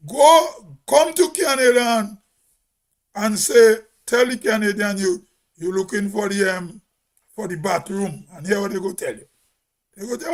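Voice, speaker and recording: High, slow-talking Grenadian man. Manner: emphatic, repeats words for stress. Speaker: host. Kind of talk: casual monologue.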